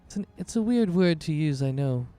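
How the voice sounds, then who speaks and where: A man's voice: on the high side, lively intonation, fairly quick, mellow, clear, resonant tone. A man narrating a tabletop game as game master, in loose, chatty narration full of fillers.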